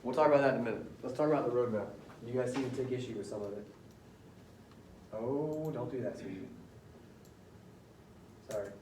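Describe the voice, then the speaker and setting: A man's medium-pitched, slightly mellow voice comes from across an echoey room as he teaches, talking fairly quickly but with long pauses. He's chatty and quizzes the class, and there's a little hiss or hum in the far-off audio.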